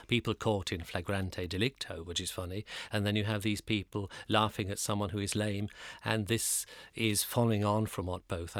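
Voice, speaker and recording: A male professor giving a measured academic explanation in an interview. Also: on the low side, a bit bright, no echo, clean studio sound.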